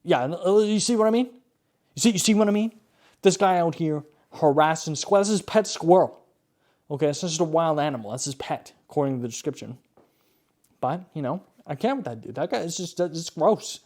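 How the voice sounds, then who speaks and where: A Canadian man hosts a video reviewing bad ads, ranting with lots of swearing in a voice on the high side, animated, a little fast and a little mellow. Exasperated, he keeps asking "okay?" over and over.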